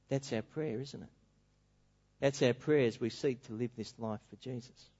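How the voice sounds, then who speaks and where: Animated male preacher, lo-fi sound. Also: mid-range voice, moderate pace. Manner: animated, storytelling, emphatic. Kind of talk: sermon. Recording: dull lo-fi recording.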